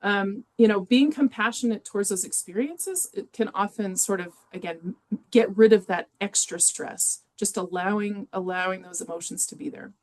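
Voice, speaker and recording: A woman leads a teaching webinar in a relaxed, conversational way. She talks at a middling pitch, often pausing on small fillers as she works through examples. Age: adult with children in youth sports. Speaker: webinar presenter. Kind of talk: educational webinar talk.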